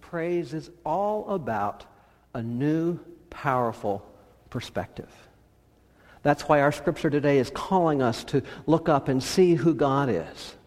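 A pastor giving a sermon, telling a story with emphatic phrases that soften at their ends. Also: male voice, fairly high pitch, expressive, unhurried, long reverb tail.

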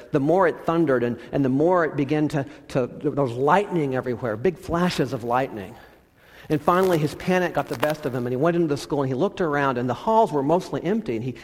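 A pastor giving a sermon, telling a story with emphatic phrases that soften at their ends. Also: male voice, medium pitch, in a large hall.

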